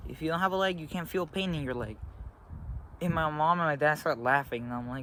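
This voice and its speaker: A teenage boy telling a story to a phone camera beside a road, halting and full of fillers. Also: on the high side, fairly bright tone. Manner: rambling, halting, with frequent fillers. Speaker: vlogger. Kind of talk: casual storytelling. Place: outdoors by a road. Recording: faint traffic noise outdoors.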